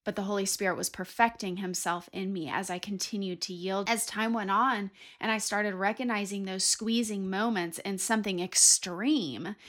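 A middle-aged woman hosts a Christian teaching talk, telling a story from her own life. Her voice is bright and forward. She acts out her own prayers with earnest feeling. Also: medium pitch, fairly even intonation, moderate pace, few pauses. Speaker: podcast host.

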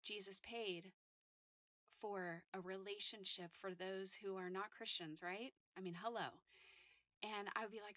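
A woman's voice: medium pitch, flat delivery, moderate pace, bright, forceful tone, dry recording. A woman hosting a faith podcast, giving her testimony and urging listeners in an earnest, emphatic way with repeated phrases. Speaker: podcast host sharing testimony.

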